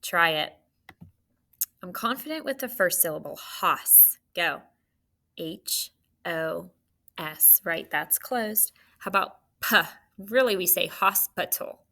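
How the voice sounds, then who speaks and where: A woman teacher giving a spelling lesson to children, patient and clear, sounding words out slowly. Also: lowish voice, lively intonation, bright, forceful tone.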